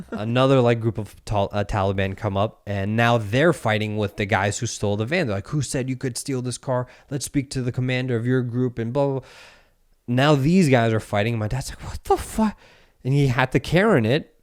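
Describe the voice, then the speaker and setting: In a casual podcast chat, a man in his thirties recounts a story at a slightly fast pace in a medium-pitched voice. He's animated, acting out the quoted voices and swearing along the way.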